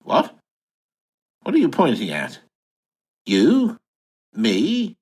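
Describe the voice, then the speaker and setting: An actor playing a bumbling, posh English retiree, flustered and hesitant in a comic audio drama. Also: male voice, mid-range voice, wildly swooping pitch, very slow, a little mellow, exaggerated voice. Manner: flustered, posh, hesitant, wildly swooping delivery. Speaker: lead character and narrator.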